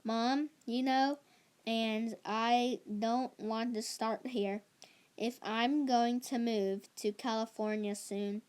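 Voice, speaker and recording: A woman's voice: a little high, steady tone, darkish tone, smooth. Woman reading as a hurt young girl. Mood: pressing. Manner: slow, halting read-aloud delivery. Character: hurt young girl pressing her mother.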